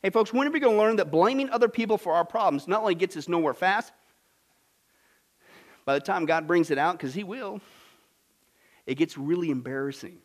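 A man preaching a sermon as a pastor, swinging from hushed asides to loud emphatic lines and often repeating "listen". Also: high voice, lively intonation, brisk, pauses often.

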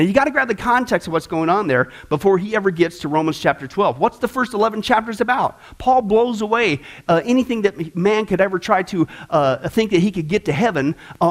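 A middle-aged man teaching a discipleship class in a casual, animated way, often asking the class questions. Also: sits high.

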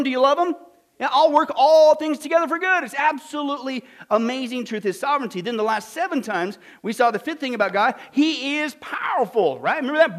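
Male pastor, very high voice, animated and jokey, sermon delivery. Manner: animated, jokey, punchy exclamations. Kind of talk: sermon with storytelling.

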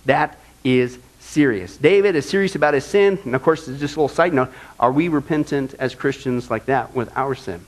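A man preaching a sermon as pastor, conversational and animated, often checking in with "okay?". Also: fairly high pitch, moderate pace, hardly any pauses, rough recording.

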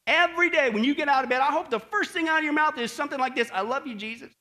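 A man preaching a sermon as pastor, animated, often asking the congregation questions and adding friendly "okay?" asides. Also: very high-pitched, rapid-fire.

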